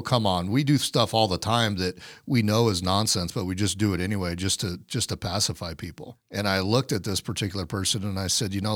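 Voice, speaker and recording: A man's voice: on the low side, fairly bright tone, no room sound, studio quality. A man co-hosting a podcast, talking in a blunt, profane, ranting way. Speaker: podcast co-host. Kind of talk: casual podcast chat.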